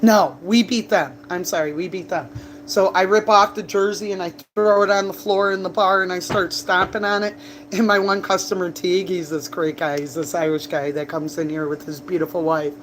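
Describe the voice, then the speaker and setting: A woman rambling through casual stories on a livestream, with a voice that sits a little low. She chats from a bar indoors, and a faint hum runs underneath. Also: fairly even intonation, moderate pace. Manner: chatty, rambling, laughs and coughs between stories. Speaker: livestreamer and bartender.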